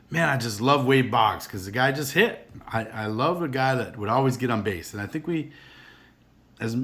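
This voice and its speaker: A man's voice: mid-range voice, fairly bright tone. A middle-aged man chatting casually to camera about his collection, rambling and earnest with many restarts. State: emotional, teary. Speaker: card collector vlogger.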